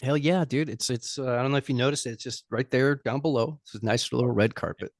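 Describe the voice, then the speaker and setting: A man's voice: mid-range voice, fast, gravelly, no room sound, studio quality. A man hosting a casual podcast over a video call, easygoing, laughing and swearing. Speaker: podcast host.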